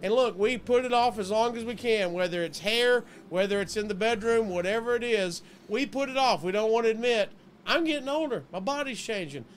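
A podcast co-host with a noticeably high voice, pitching a sponsor in an upbeat, joking way. He keeps the patter going between bits of banter. Faint background noise runs underneath. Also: fairly quick, few pauses. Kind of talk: casual chat, live-read ad.

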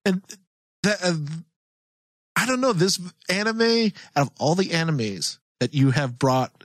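Male podcast guest, slightly raised pitch, earnest and halting, dry mic. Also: a bit bright, no room sound. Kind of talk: casual chat.

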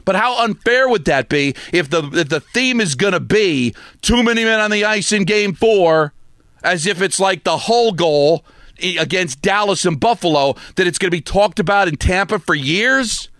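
A man's voice: sits high, animated, moderate pace, a bit bright, no echo, studio quality. A man hosting sports talk, delivering an emphatic, scolding rant full of repetition. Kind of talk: opinionated sports radio rant.

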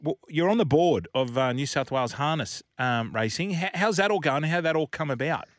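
A man's voice: fairly high pitch, animated, fairly quick, dry recording, clean studio sound. A man co-hosting a sports podcast, bantering and laughing through stories. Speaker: podcast co-host. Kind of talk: casual chat.

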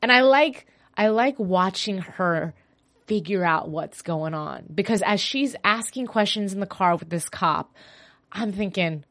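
A woman's voice: mid-range voice, unhurried. Chatty woman hosting a fan podcast. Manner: chatty, animated, gushing. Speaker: solo podcast host. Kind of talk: casual fan after-show chat. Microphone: podcast mic.

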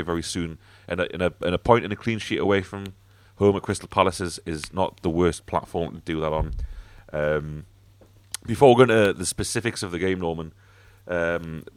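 A man hosts a casual football podcast in a deep, low voice. He talks bluntly, swears freely and stumbles through fillers and restarts. The sound is dry and close, with no room echo. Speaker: podcast host.

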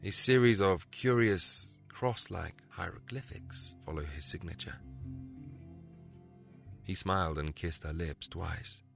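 A man narrating a story in an expressive, dramatic reading style. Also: low voice, slow, vocal fry. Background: faint music.

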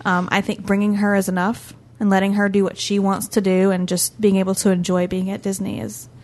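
Woman on a podcast, gentle reassuring tips, lots of soft ums. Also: medium pitch, flat delivery, a little fast. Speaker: podcast regular giving park advice. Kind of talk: casual podcast chat.

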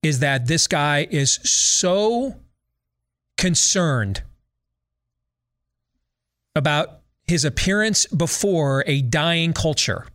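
Male podcast host, mocking and opinionated, high lively voice. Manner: sarcastic, animated, mocking repetition.

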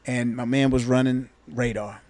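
A man's voice: mid-range voice, steady tone, normal speed, a little mellow. A man, a retired police officer turned comedian, co-hosting a podcast and telling a casual, folksy story with laid-back colloquial phrasing.

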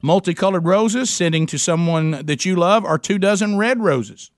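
A man hosting a morning radio call-in game, loud and exuberant, breaking into shouted chants. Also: high voice, moderate pace, no room sound, clean studio sound. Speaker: radio host.

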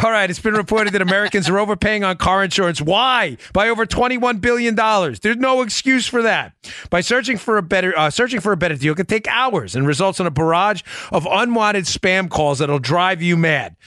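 A man hosting a radio talk show, animated and jokey, with quick asides to his producer. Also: sits high, dry recording. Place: home studio in Florida.

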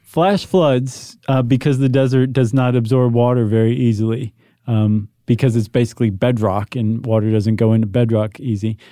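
Mellow, wry male podcast co-host. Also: medium pitch, moderate pace, hardly any pauses, dry recording, studio quality. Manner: wry, teasing, deadpan asides. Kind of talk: casual podcast chat.

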